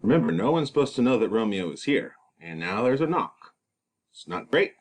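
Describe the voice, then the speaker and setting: A man's voice: medium pitch, very animated, fairly quick. A man teaching a play, explaining each scene casually with chatty asides.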